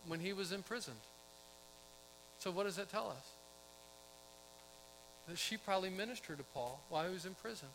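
A man's voice: high voice, expressive, normal speed, long pauses, fairly bright tone, a little hiss or hum, rough recording. A middle-aged male pastor preaching a sermon in a casual, storytelling way, asking the congregation questions.

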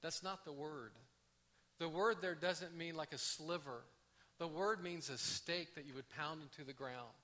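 A man's voice: on the high side, a little slow. A man preaching a conversational sermon, often restarting his phrases. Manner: conversational, animated, with frequent restarts. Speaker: pastor.

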